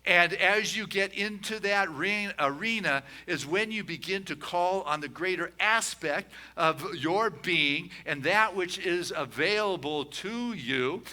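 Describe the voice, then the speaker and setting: Bright-voiced man preaching a chatty sermon. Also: high voice, expressive. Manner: folksy storytelling with many "you know" asides; slows and rises on key points. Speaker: minister. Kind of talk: conversational sermon.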